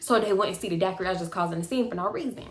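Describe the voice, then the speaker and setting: A woman's voice: rapid-fire, crowd noise. A young woman in her twenties tells a story casually to a phone camera at home, full of slang and squealing up into quoted voices. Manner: animated, slangy, jumps into quoted voices with sudden high squeals. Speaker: storytime vlogger. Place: bedroom at home. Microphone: phone held close.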